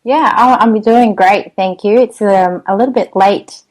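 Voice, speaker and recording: A woman's voice: medium pitch, a little slow, a little mellow, rough recording. Cheerful Australian woman, laughing often. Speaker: podcast guest. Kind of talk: casual interview chat.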